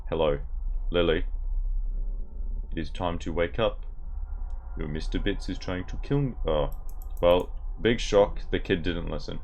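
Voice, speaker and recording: A man casually commentating a horror game in a fairly low voice. His asides are wry and sarcastic. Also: measured pace, pauses often, a little mellow, a little hiss or hum. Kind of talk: casual let's-play commentary.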